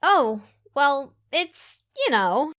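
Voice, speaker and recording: A nervous young unicorn mare stumbles through her words, hesitant and flustered, voiced by a woman reading a storybook. Her voice is high and jumps around in pitch. The read is close and dry. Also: sing-song, drawn-out words, a bit bright, no room sound, heavily acted. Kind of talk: audiobook character voice.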